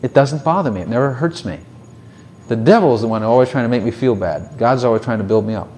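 A man's voice: mid-range voice, animated, fast talker, darkish tone. Conversational preacher man, faint hum. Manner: conversational, rhetorical questions, mock voices. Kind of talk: sermon.

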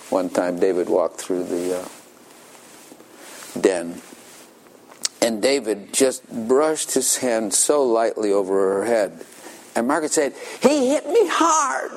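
A man's voice: on the low side, slow pace, long pauses, a little mellow, a little hiss or hum. An older man preaching a sermon in a folksy storytelling manner, chuckling often.

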